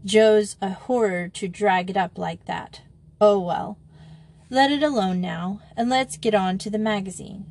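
A woman's voice: medium pitch, measured pace, darkish tone. Sardonic older schoolgirl, as a woman reads her, offhand and cool.

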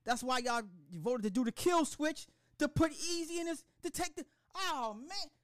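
Slangy guy ranting on his podcast, dry close mic, pitch swings around a lot. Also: normal speed, no room sound. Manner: animated, swearing, slangy, many restarts. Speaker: podcast host. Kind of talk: casual chat.

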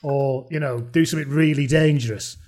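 A man's voice: medium pitch, fairly even intonation, a little fast, a little mellow. A man, a podcast guest, telling stories in casual chat, swearing and laughing.

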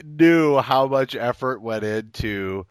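A man's voice: medium pitch, lively intonation, slow pace, smooth, no room sound, studio quality. Easygoing man hosting a podcast. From Maine. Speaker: podcast host. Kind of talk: casual podcast interview.

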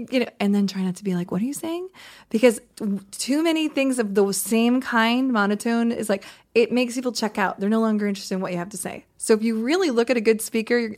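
A woman co-hosting a podcast as a confidence coach, explaining skills in an animated way and acting out quick examples. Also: mid-range voice. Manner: animated, demonstrates voice examples, laughs often.

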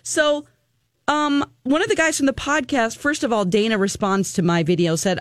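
A woman co-hosting a podcast, telling a personal story in a casual, animated way, acting out quotes and laughing often. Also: high-pitched, moderate pace, dry recording, clean studio sound. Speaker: podcast co-host.

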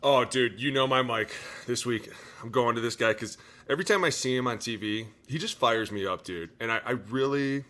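A man co-hosting a football podcast in casual, animated chat, swearing freely and saying "dude" a lot. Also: medium pitch, moderate pace. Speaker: podcast co-host, former lineman.

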